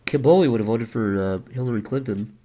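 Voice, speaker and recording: A man chatting casually on a livestream, animated, profane and quick to laugh. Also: medium pitch, slight background noise. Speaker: streamer.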